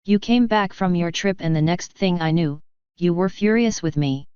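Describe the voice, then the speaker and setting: Brief: woman voicing a defensive pony captain for a storybook, low, smooth and dry. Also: moderate pace, darkish tone, no room sound, muffled recording, natural voice. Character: guard captain pony stallion, stern but flustered.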